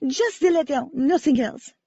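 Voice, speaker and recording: A woman's voice: high-pitched, lively intonation, normal speed, mellow, no echo, lo-fi sound, voice pushed up. A woman voicing a frightened French female acrobat with a French accent, shrieking and panicky. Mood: shaky.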